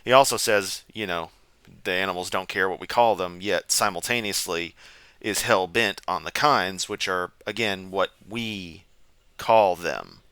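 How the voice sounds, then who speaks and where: A man's voice: sits low, a little slow, fairly bright tone, clean tone, no echo. A man giving sarcastic, rambling reaction commentary from a chair at home. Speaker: commentary streamer. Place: home room, seated.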